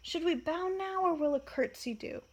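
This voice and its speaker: A woman's voice: extremely high pitch, moderate pace, pitched above the performer's own voice. A woman reading the lines of a sulky, sarcastic teenage boy wizard in a storybook reading. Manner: sarcastic, mocking.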